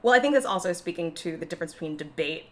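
A young woman with a Chicago accent, talking fast and casually as a podcast co-host discussing a book, laughing often. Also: lowish voice, animated, a bit bright.

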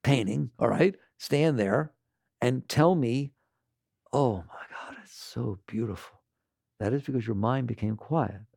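A man giving a spiritual talk to an audience, animated and laughing often as he acts out imagined voices. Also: medium pitch, gravelly, dry recording, studio quality. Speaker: spiritual teacher.

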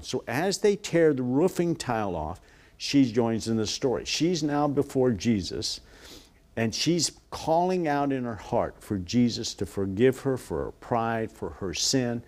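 Earnest man telling a story. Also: medium pitch. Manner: earnest, acts out quoted voices softly. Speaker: guest, ministry worker. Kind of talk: storytelling in a TV interview.

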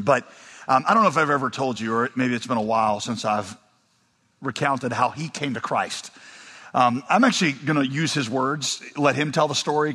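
A man's voice: medium pitch, sharp tone, breathy edge, big-room sound. A man preaching a sermon as pastor of a church, telling a story in a conversational way with dry humor.

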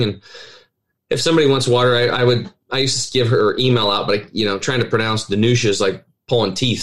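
A man as an animated, persuasive health coach. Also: mid-range voice. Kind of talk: casual podcast interview talk.

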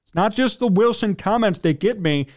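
Heated high-voiced male sports radio host. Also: lively intonation, normal speed. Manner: heated, ranting, indignant; frequent throat clearing.

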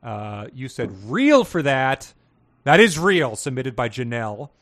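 A man co-hosting a podcast, reading passages aloud with lively, voiced dialogue and laughing often. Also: medium pitch, a little slow. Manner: reads with animated voices for dog quotes, laughs often. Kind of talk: casual chat with read-aloud quiz passages.

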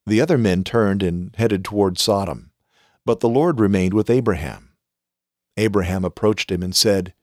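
A man hosting a podcast, reading scripture aloud in a measured, expressive way. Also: fairly low pitch, dry recording, studio quality.

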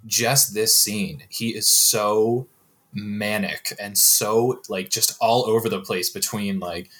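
A man's voice: fairly low pitch, fairly even intonation, slow pace, a bit bright. A young man talking as a guest on a movie podcast, rambling with lots of filler words. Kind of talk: casual movie discussion.

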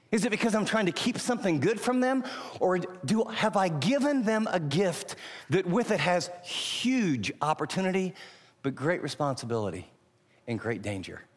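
A man preaching a sermon as pastor, emphatic and pausing on key words. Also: high voice, big-room sound.

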